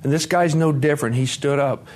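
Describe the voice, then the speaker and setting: A man's voice: on the high side, fairly quick, a little mellow. A middle-aged man from Montana giving a candid personal testimony at a recovery conference, blunt and profane, acting out the dialogue as he tells it. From Montana, USA.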